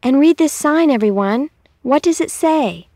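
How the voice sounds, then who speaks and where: A woman voicing a brisk father calling to his family in a storybook reading. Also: high voice, lively intonation, mellow, no echo, studio quality, voice pushed up.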